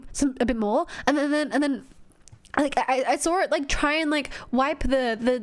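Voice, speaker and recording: High voice, young woman, animated rambling storyteller, swears a lot, faint music behind. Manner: animated, swearing, frequent "like" and "right?". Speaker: streamer. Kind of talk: casual storytelling on a live stream.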